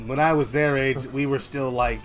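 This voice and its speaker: A man's voice: medium pitch, steady tone, moderate pace, soft background music. A man on a game developer's stream, chatting casually and goofing around in silly voices. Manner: goofy, rambling, slips into silly put-on voices.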